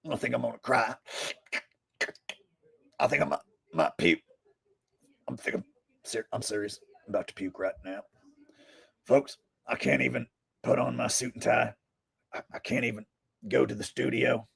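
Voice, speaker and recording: A man impersonating a defeated, tearful male talk-show host in a soft, whimpering, mopey voice. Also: medium pitch, moderate pace, creaky, pauses often, husky, exaggerated voice.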